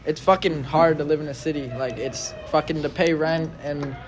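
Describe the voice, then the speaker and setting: A man's voice: fairly high pitch, fairly even intonation, moderate pace, heavy background noise. A young man from New York City, a band member, talking casually and bluntly with lots of swearing. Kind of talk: casual interview chat. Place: busy pizza shop. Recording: crowd chatter behind.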